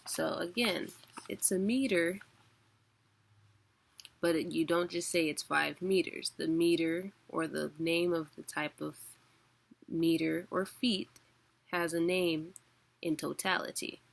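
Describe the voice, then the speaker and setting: Woman explaining a lesson real slow and patient, lowish gravelly voice, casual with lots of ums. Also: fairly even intonation, dry recording. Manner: slow, patient explaining with chuckles and filler words. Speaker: poetry teacher.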